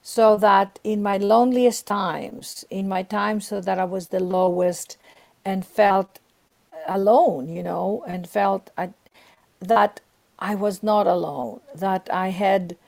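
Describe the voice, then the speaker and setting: A woman's voice: mid-range voice, steady tone, slow, gravelly, darkish tone. A woman guest on a podcast, earnestly giving spiritual advice and encouragement, often repeating herself.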